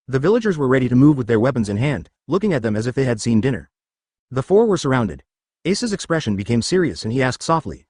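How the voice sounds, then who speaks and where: A man reading a story aloud in scripted audiobook narration, keeping one even voice even for the quoted speech. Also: medium pitch, quick pace, no room sound, studio quality. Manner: even reading of every line, quoted speech read in the same voice.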